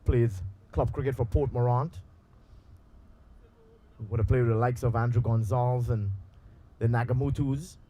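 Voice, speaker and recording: A man giving live commentary on a local cricket match outdoors, in a loose, relaxed delivery with pauses and fillers. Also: mid-range voice. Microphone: handheld mic through a loudspeaker.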